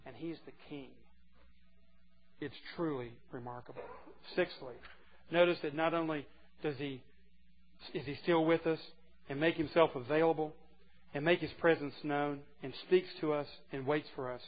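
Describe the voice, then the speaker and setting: A man preaching a sermon to a group of men, earnest and moving between hushed and emphatic delivery. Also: a little high, fairly even intonation, normal speed, long pauses. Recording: muffled lo-fi recording.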